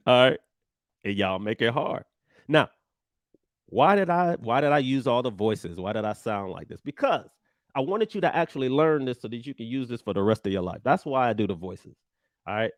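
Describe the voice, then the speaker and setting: A man teaching an energetic online trading lesson, animated, emphatic and blunt with his viewers. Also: mid-range voice, normal speed, no room sound, clean studio sound. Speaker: trading coach.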